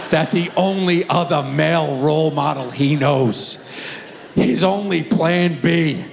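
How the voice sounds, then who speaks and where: Lively middle-aged man doing stand-up. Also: fairly high pitch, creaky, slight background noise. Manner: animated, exaggerated character voices. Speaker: stand-up comedian. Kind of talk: stand-up comedy storytelling. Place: large theater stage. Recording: echoey theater with faint crowd.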